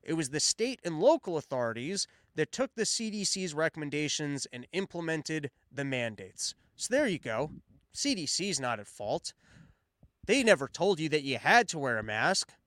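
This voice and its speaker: A man with a high, smooth and clear voice hosts his own show, ranting sarcastically about the news. He swears freely as he talks. The sound is dry and close, with no room echo. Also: big pitch swings, moderate pace, a bit bright. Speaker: podcast host. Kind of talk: solo commentary on news.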